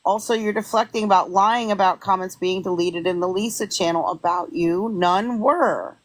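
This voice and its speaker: A woman's voice: mid-range voice, moderate pace, no room sound, poor audio. A woman, a content creator, retelling an online argument and reading the messages aloud in an exasperated, incredulous way.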